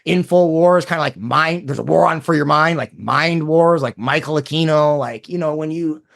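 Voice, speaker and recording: Gravelly rambling man, fairly high voice. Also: moderate pace. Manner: rambling, many restarts and fillers, animated asides. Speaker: interview guest. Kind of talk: casual interview talk.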